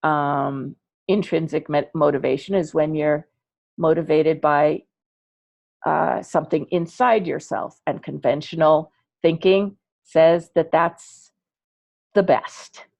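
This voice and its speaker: A woman coaching parents in an online class, chatty and animated, acting out little dialogues as she explains. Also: deep voice, slow, gravelly, no echo. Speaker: ADHD coach teaching parents.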